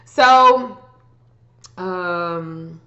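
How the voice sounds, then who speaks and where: A woman's voice: lowish voice, extremely slow, bright, forceful tone. A woman giving astrology advice in a blunt, profane, casual rant. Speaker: astrology vlogger. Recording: echoey room, dull lo-fi sound.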